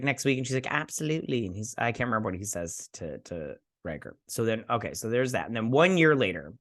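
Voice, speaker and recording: A man hosting a casual review, retelling an episode with sarcastic asides and quick put-on voices for the characters. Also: medium pitch, fairly bright tone. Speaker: host.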